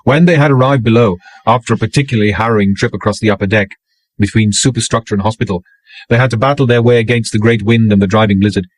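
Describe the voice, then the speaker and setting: Male audiobook narrator, measured, low pitch, dry close sound. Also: fairly even intonation, no room sound, rough recording. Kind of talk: scripted narration.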